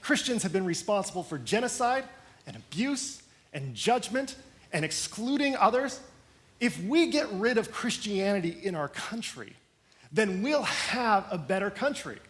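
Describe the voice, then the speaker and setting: A man's voice: sits high, very animated, a little slow, a bit bright, full character voice. A man voicing a ruthless, commanding male president during a sermon retelling. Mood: stern.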